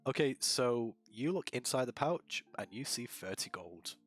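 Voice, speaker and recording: A man narrating a tabletop game as game master over a voice call, relaxed and rambling with many fillers. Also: medium pitch, measured pace, faint music behind.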